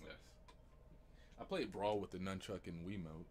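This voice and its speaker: A man's voice: low voice, moderate pace, crowd noise. A man chatting casually about video games while setting up a game, laid-back. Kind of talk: casual gaming chat.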